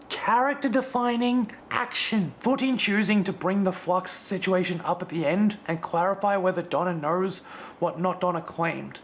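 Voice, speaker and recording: A video reviewer walks through an episode scene by scene in a scripted, analytical delivery. The voice sits at an ordinary middle pitch and now and then restarts a sentence mid-thought. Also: slight background noise. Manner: analytical, breaks down scenes one by one.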